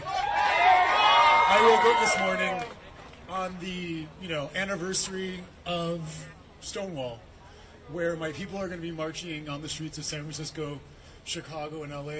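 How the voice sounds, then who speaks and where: A man giving an angry, profane protest speech outdoors, shouting and laughing as he rants. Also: sits high. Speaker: protest rally speaker, labor organizer. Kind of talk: impassioned rally speech. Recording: distant mic, loud crowd noise. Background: loud crowd and street noise.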